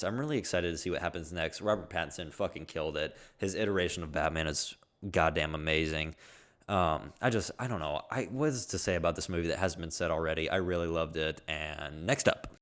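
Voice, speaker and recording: A young man in a casual movie review vlog, talking excitably and swearing freely as he gushes. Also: low-pitched. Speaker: movie vlogger.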